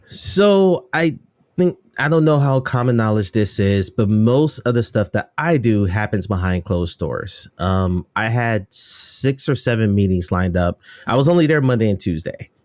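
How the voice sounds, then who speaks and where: Low-voiced, dry-sounding American games journalist. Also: male voice, animated, measured pace, no echo. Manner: rambling, self-correcting, enthusiastic. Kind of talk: casual podcast chat.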